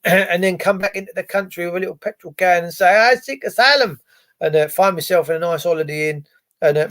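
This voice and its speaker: A man ranting on a live stream, his voice sitting high and full of gravel. He swears freely and drifts between sarcastic asides and answers to viewers. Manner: profane, sarcastic, wandering. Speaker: live-stream host reading chat. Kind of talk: casual ranting commentary.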